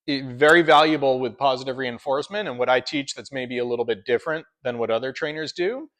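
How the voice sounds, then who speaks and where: A dog trainer, a man, explains his training approach in a relaxed instructional talk. His voice sits at an ordinary middle pitch, and he often checks in with a quick "right?" as he goes.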